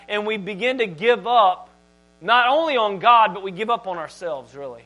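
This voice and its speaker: High-voiced, animated male preacher. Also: fairly quick, poor audio. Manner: animated, emphatic delivery with big swings in loudness. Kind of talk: sermon. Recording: mains hum in background.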